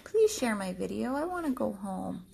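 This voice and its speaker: A woman voicing her sweet big female dog, softly pleading to find a home. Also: a little high, sing-song, normal speed, gravelly, breathy edge, exaggerated voice.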